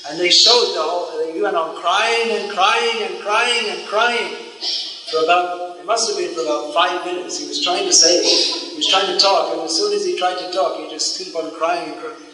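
A man's voice: high voice, moderate pace, bright, forceful tone, a little hiss or hum. Older man in an echoey hall. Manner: rambling storyteller, repeats words. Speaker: devotee giving a talk. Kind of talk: anecdotal devotional talk. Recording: echoey hall, mic far off.

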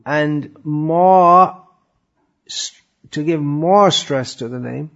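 A man gives a scripture lecture in a gravelly voice, stopping often with thoughtful fillers. The recording is dull and lo-fi. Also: a little high, very slow, fairly bright tone. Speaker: religious teacher.

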